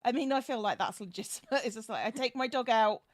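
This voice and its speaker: A woman's voice: fairly high pitch, no echo, clean studio sound. A woman chatting casually on a voice call, reassuring and playful, often restarting her sentences. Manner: reassuring, playful, talks in quick bursts with restarts. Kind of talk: casual chat.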